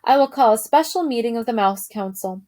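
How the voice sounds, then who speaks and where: Loud dramatic dad mouse freaking out, teacher lady putting it on, kinda high. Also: lively intonation, a little fast, natural voice. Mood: blustering. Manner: loud, dramatic, shouting in despair. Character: fretful, blustering father mouse.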